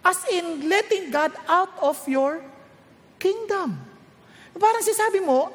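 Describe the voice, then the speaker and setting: Animated high-voiced Filipino woman preaching. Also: a little slow, big-room sound. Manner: animated, acts out quotes, switches between English and Tagalog. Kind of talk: sermon.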